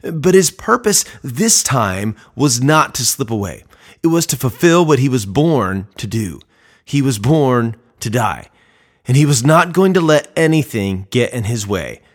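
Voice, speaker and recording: A man's voice: medium pitch, big pitch swings, unhurried. A man giving a devotional sermon commentary on scripture in a reflective, conversational teaching manner.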